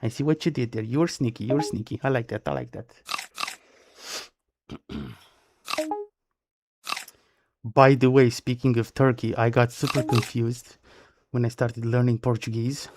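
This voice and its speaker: A man's voice: mid-range voice, moderate pace. A man from Romania with a Romanian accent, chatting playfully with viewers as a live game streamer, punning and repeating his phrases. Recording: noisy stream audio with clicks.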